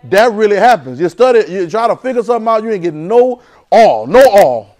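A man preaching a sermon in call-and-response, swinging from loud urging to soft, hushed lines. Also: high-pitched, sing-song, a little fast. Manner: swings from loud exhortation to soft near-whispers.

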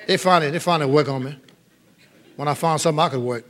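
A man's voice: fairly high pitch, racing, a bit bright. A man preaching a revival sermon, emphatic and calling out to the congregation. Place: church revival service.

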